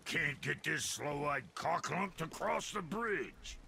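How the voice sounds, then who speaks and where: An actor playing a grumpy, foul-mouthed dwarf blacksmith in a video game, gruff and grumbling. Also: male voice, fairly high pitch, lively intonation, takes it slowly, sharp tone, a little hiss or hum, exaggerated voice. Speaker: game character.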